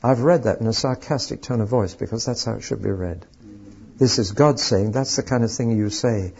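A man's voice: mid-range voice, lively intonation, moderate pace, creaky, a little mellow, husky, dull audio. A man preaching a sermon, reading scripture aloud with strong emotional emphasis.

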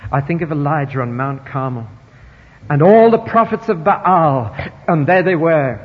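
A man preaching a sermon, emphatic and wry, dropping quiet then rising loud, in a dull, echoey hall recording. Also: a little high, animated, normal speed, slightly rough.

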